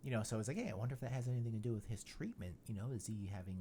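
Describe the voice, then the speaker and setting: A man's voice: medium pitch, expressive, very fast, mellow, slight background noise. A man hosting a podcast in casual chat, rambling and joking with lots of "you know" fillers. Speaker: podcast host.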